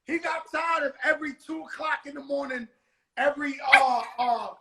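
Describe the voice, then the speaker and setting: A tipsy man hosts a relaxed chat over a video call, talking loose and profane with a jokey edge. His voice comes across bright and forceful. The sound carries a roomy echo. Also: very high voice, moderate pace. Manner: loose, joking, profane street talk. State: tipsy from drinking. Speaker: host. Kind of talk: casual interview chat.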